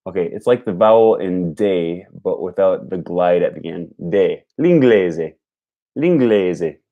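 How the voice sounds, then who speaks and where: A young man thinking aloud on a live stream, slowly repeating words as he practises them. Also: deep voice, fairly even intonation, vocal fry, phone-quality sound. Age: young adult. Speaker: language learner streaming. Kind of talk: casual live-stream commentary.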